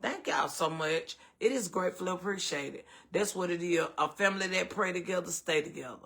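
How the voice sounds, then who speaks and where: A man with a Southern US accent hosting a morning live stream, warmly greeting viewers by name, calling everyone baby and breaking into whoops and shouts. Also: high voice, fairly quick, creaky.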